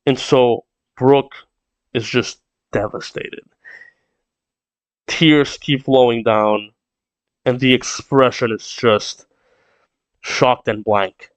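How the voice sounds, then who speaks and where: A man's voice: mid-range voice, steady tone, takes it slowly, long pauses, dry recording. A man reading a comic aloud and reacting, rambling and thinking aloud as he goes. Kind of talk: casual read-along reaction.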